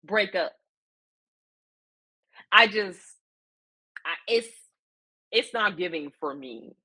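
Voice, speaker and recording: A woman in a chatty vlog, speaking in a slightly low voice. She is opinionated and emphatic, hammering her points home with repetition, slang and plenty of fillers. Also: animated, slow, pushed and bright, husky. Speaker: vlogger recapping a reality show. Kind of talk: casual chat.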